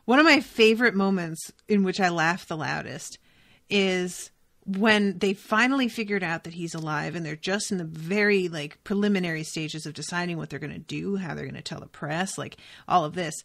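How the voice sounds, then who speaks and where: A woman's voice: lowish voice, normal speed, vocal fry, fairly bright tone. A woman co-hosting a podcast in casual book chat, candid and profane, acting out quotes with laughter. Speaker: podcast co-host.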